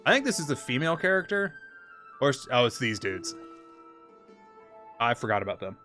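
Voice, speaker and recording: A man's voice: medium pitch, sing-song, normal speed, long pauses, pushed and bright, soft background music. A man streaming a game, chatting casually and irreverently, with frequent swearing. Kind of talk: casual gameplay commentary with voiced dialogue.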